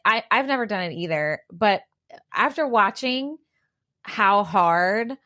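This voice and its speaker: Animated, teasing woman podcast co-host. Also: medium pitch, no echo, clean studio sound. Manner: teasing, animated, quick reactions. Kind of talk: casual chat.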